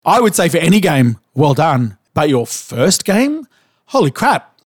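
A man's voice: on the high side, very animated, unhurried, slightly rough, no echo, clean studio sound. A man co-hosting a podcast, chatting casually and animatedly, asking probing questions and swearing now and then. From Australia. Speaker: podcast co-host. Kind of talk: casual chat.

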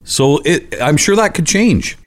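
A man's voice: on the high side, lively intonation, a little slow. A man with a Canadian accent co-hosting a podcast, chatting casually, joking and swearing. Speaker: podcast co-host. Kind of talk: casual chat.

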